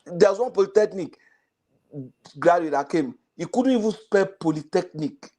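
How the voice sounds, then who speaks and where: Joking middle-aged man, higher voice. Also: lively intonation, normal speed, warm tone. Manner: joking storyteller, laughs at his own jokes. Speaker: panelist. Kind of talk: casual panel chat.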